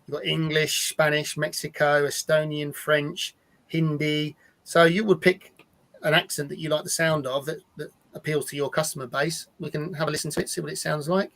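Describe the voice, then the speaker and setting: A man walks viewers through a software product on a live stream, his voice sitting a little high. He rambles, restarts sentences and repeats words as he clicks through features in a loose, chatty way. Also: little pitch movement, moderate pace, gravelly. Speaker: product demo presenter.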